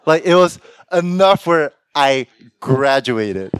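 A man's voice: on the high side, lively intonation, slow pace, clear, resonant tone, dry recording. A young man giving a sermon, often laughing and acting out the lines of people he imagines. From Korean heritage. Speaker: pastor. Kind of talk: sermon with acted-out quotes.

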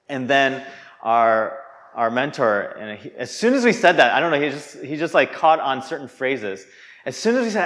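A man's voice: mid-range voice, lively intonation, fairly quick, a bit bright. Earnest young man preaching a sermon. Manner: earnest, conversational with many restarts.

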